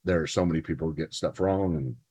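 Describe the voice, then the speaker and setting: Very deep and mellow with a breathy edge, this man's voice moves fast as he hosts a podcast. With his spouse, he talks theology in a casual, earnest way, partly from notes, pushing toward emphatic points.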